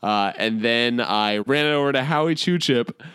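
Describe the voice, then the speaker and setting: A man's voice: medium pitch, a little slow, a bit bright, smooth, dry recording, studio quality. A man who plays in a tabletop game, casually and animatedly retelling a session, often laughing and using fillers. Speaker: player.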